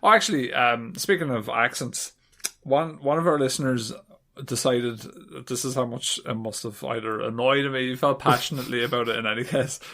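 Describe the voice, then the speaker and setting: Gravelly guy on a podcast, jokey and laughing a lot, mid pitch. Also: brisk, fairly bright tone. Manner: laughs often, jokey asides. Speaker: podcast co-host. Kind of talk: casual banter and storytelling.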